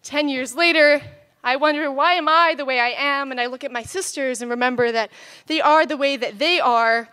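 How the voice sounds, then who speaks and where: A woman's voice: high voice, normal speed, sharp tone. A teenage girl performing a comic spoken word story as a student slam poet. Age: teens. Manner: storytelling, playful comic timing.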